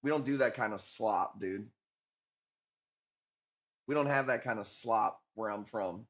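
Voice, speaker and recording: A man's voice: fairly low pitch, unhurried, fairly bright tone. A man from Illinois hosting a live coral auction stream, chatting loosely with viewers in a profane, joking way. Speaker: livestream host selling coral. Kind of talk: casual livestream auction chat.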